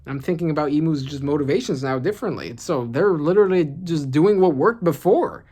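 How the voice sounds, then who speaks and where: A host reading comic panels aloud and reacting excitedly in casual commentary, often asking "right?". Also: medium pitch, brisk. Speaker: manga reaction channel host.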